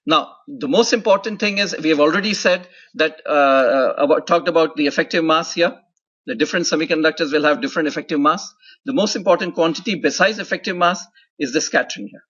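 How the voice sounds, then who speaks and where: Husky-voiced male lecturer, dull recording. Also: a little high, quick pace, a bit bright. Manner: explanatory, often adds "right?" and "okay?" checks. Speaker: university lecturer. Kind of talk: classroom lecture.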